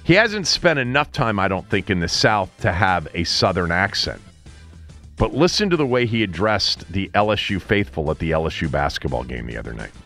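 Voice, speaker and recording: Animated chatty male sports radio host. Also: deep voice, normal speed, faint music behind. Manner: chatty, animated, laughing asides. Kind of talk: casual sports talk.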